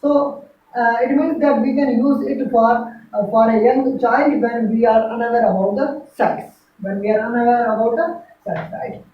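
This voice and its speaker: A woman's voice: a little high, steady tone, normal speed, slight background noise. A woman teaching grammar in a lecture, repeating each example and checking with "right?". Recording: echoey room from far, dull lo-fi.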